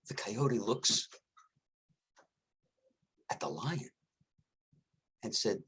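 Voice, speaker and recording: Rabbi man doing a quick sermon, lowish husky voice, really animated storytelling. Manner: expressive storyteller. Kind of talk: short sermon.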